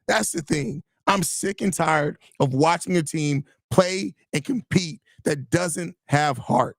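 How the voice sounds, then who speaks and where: Ranting podcast host, gravelly and dry. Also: male voice, on the high side, slow pace, no room sound. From Chicago area. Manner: frustrated, profane ranting with repeated phrases. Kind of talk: live podcast reacting to chat.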